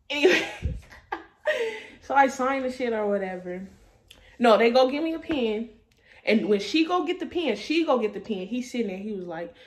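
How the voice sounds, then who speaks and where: A woman in her twenties, a vlogger, telling a casual story in blunt, profane slang and laughing as she goes. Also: medium pitch.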